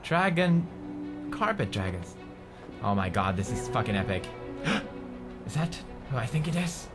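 A man commentating a game playthrough, excitable and swearing often as he talks to his companion. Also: on the high side, normal speed. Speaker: gaming video host. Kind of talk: let's play commentary. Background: game music.

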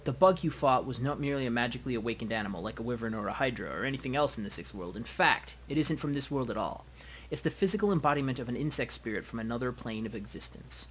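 A man's voice: mid-range voice, lively intonation, quick pace, a bit bright, slight background noise, lightly acted. A man voicing an ancient, immortal elf in a video game, breezy and mocking. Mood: flippant.

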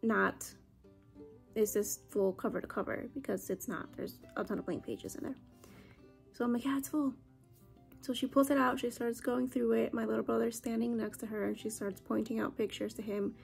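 A woman's voice: fairly high pitch, fairly even intonation, moderate pace, gravelly, faint music behind. A young woman chatting casually to the camera at home, saying "like" a lot. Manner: chatty, says "like" often. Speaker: vlogger. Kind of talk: casual vlog chat. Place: at home after a family visit.

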